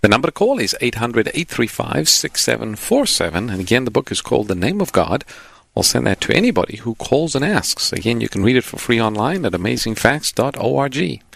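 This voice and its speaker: A man co-hosting a call-in radio show, introducing callers and reading out contact details in a measured way. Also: medium pitch, very animated, gravelly, a bit bright, no room sound. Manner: measured, reads phone numbers and introduces callers. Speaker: radio co-host.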